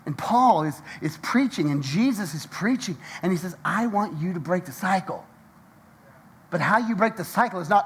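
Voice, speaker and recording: A pastor preaches with a high-pitched, swooping voice that climbs and drops across wide ranges. His tone is slightly husky, and he tells stories lively, acting out quoted voices and laughing along the way. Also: moderate pace. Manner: lively storytelling, acts out quotes, laughs often. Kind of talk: sermon.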